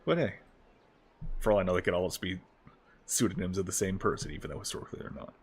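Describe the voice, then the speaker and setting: A man's voice: low-pitched, expressive, quick pace, breathy edge. A man streaming a video game as a VTuber, commenting casually in a joking, offhand way with some swearing. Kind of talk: casual gameplay livestream commentary.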